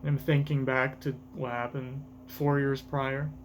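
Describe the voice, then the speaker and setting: A man's voice: mid-range voice, flat delivery, a little slow, slight background noise. A young man thinking aloud in casual reaction commentary, rambling with lots of fillers. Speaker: manga reaction host.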